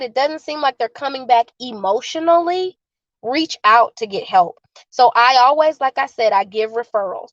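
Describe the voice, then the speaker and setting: A woman guest on an interview, explaining birth and postpartum support earnestly and calmly with examples, over dull video call audio. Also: high-pitched, no echo.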